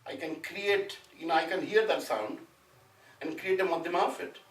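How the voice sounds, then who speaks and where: A man's voice: on the high side, moderate pace, fairly bright tone. A man from India teaching a Sanskrit class, talking loosely and conversationally and often checking with the students that they follow. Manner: conversational, often asks "you know what I'm saying?". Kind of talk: classroom lecture with discussion. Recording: echoey room, mic at a distance, faint noise.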